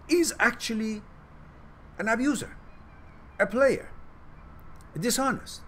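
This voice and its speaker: A man hosting a Q&A advice talk, blunt, profane and animated. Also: on the high side, a little hiss or hum. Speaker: host and author giving advice.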